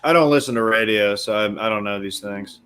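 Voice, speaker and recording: A man in casual comedic banter, dropping dry, deadpan asides. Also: fairly low pitch, fairly quick, smooth. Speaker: panelist.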